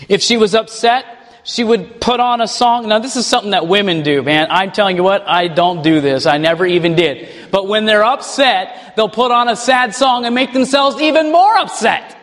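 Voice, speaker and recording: Male preacher, high voice, animated sermon delivery, reverberant hall. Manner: animated, mocking put-on voices for examples.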